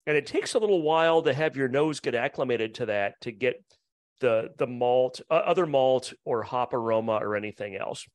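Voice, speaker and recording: A man's voice: medium pitch, expressive, moderate pace, no room sound. A man co-hosting a casual beer-tasting podcast, wry and facetious, often restarting his sentences. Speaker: podcast co-host.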